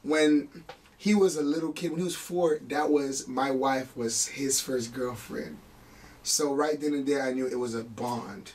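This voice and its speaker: A man's voice: mid-range voice, a little slow, far from the mic, a little hiss or hum. A man, a music producer, chatting in an interview, telling family stories with laughs and some emotion. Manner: emotional, laughing, animated storytelling. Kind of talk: casual interview chat.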